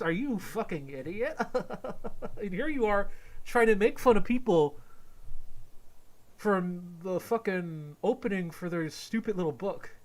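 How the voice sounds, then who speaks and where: A man giving profane reaction commentary at his computer, ranting, mocking and laughing at what he watches. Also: high voice. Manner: ranting, mocking, swears constantly, laughs at clips. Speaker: reaction video host. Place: home computer setup.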